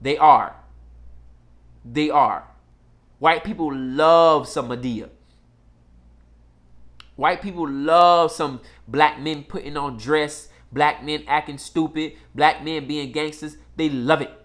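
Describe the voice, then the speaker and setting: Blunt, emphatic male commentator, slightly higher voice, casual monologue. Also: fairly even intonation, slow pace, a bit bright.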